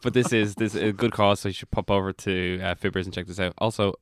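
Smooth-voiced co-host. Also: male voice, sits low, fairly even intonation, quick pace, no room sound, clean studio sound. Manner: easygoing, chatty, self-mocking. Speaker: podcast co-host. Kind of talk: casual comedic podcast banter.

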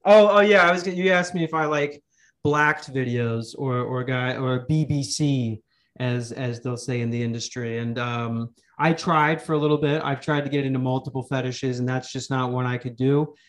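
A man's voice: medium pitch, normal speed. A man hosting a podcast, chatting casually and crudely, rambling with jokes and restarts. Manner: rambling, joking, frequent restarts. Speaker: podcast host. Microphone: remote call mic.

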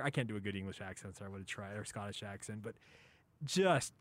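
A man's voice: lowish voice, expressive, fairly bright tone, no echo. Male sports radio host, jokey and laughing, dry studio mic. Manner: laughs often, quick restarts, jokey. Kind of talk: casual sports radio banter. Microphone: studio microphone.

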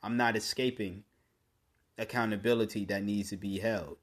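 A man hosting his own podcast, speaking in a blunt, opinionated monologue that often restarts mid-sentence and rises into forceful bursts. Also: on the low side, steady tone, moderate pace. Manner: conversational with frequent restarts. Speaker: podcast host.

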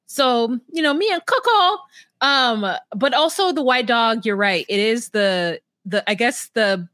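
A woman's voice: on the high side, a little slow, fairly bright tone, dry recording, clean studio sound. A woman co-hosting a casual podcast about reality TV, playful and giggly, breaking into sung bits. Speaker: podcast co-host.

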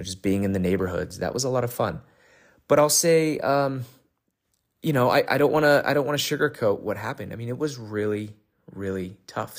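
A man with a fairly low voice hosts his own podcast, speaking alone. He talks casually and candidly, rambling along with plenty of fillers and restarted phrases. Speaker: podcast host. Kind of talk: casual monologue recapping a race.

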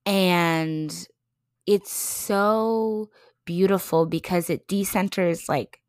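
Young woman podcast host, casual and effusive, lowish voice, dry close sound. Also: no room sound. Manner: effusive and emotional, swinging between excited bursts and slow soft passages. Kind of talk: casual chat.

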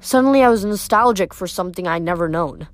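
A woman's voice: fairly low pitch, expressive, quick pace. A woman reading a novel aloud to her channel, chatty and full of fillers in her asides between chapters. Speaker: audiobook reader.

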